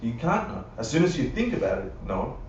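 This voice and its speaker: A very animated man with a mid-range, slightly mellow voice talks a little fast as he teaches a live Buddhist class. Conversational in style, he often checks in with listeners and acts out quotes. Slight background noise is present in the roomy, dull, distant livestream recording.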